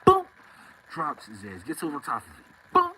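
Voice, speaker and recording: A man spins a personal street story in relaxed slang, acting out each moment. His pitch swings in a lively way while he talks. A faint background hiss runs under the voice. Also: normal speed, low-quality recording. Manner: animated street slang, acts out scenes. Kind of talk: casual story time.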